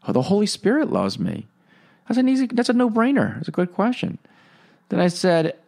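A man's voice: vocal fry, a little mellow. A man hosting a Catholic podcast, talking in a rambling, casual way with many fillers and reflecting on faith. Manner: rambling, many fillers, swings pitch up for emphasis. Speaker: podcast host and Catholic teacher. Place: Franciscan lay member.

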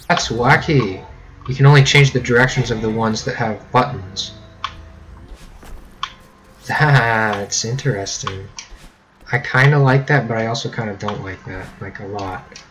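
A man giving casual gameplay commentary, rambling and self-mocking with sudden excited yelps. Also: fairly low pitch. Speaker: let's play gamer. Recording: keyboard clicks audible behind.

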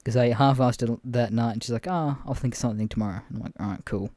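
A young man hosting a podcast casually retells dating stories, full of swearing and laughter. His medium-pitched voice is fast and dark-toned, with no room sound.

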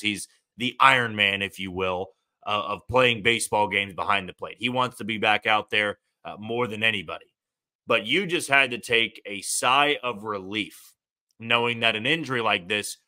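Bright-voiced man hosting a sports podcast. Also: medium pitch. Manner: conversational, thinking aloud with fillers and restarts. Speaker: podcast host. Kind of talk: solo sports podcast commentary.

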